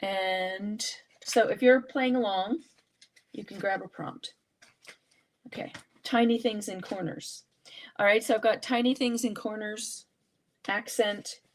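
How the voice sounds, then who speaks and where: A woman leads a relaxed live art journaling session. She chats and thinks aloud as she pulls supplies and prompt cards. Her pitch sits in an ordinary middle range, and her delivery is casual and unscripted. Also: slow pace, pauses often, slight background noise. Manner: chatty, thinking aloud while working. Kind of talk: casual live craft demonstration.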